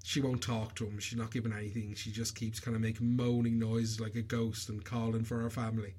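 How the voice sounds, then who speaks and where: A man telling a story casually to a friend, animated and acting out the characters. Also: lowish voice, fairly quick, breathy edge. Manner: animated, lively, acts out the characters.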